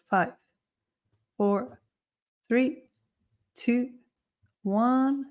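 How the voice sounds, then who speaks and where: A woman teaching English grammar in a live online lesson, slowing down on example sentences and counting down for tasks. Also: medium pitch. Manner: lively, slow for emphasis, counts down for tasks.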